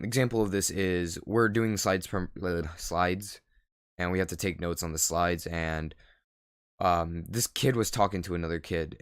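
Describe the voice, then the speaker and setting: A man's voice: low-pitched, smooth, dry recording, clean studio sound. A teenage boy vlogging, telling a rambling story full of fillers and laughing at himself. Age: teens. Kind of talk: casual storytelling.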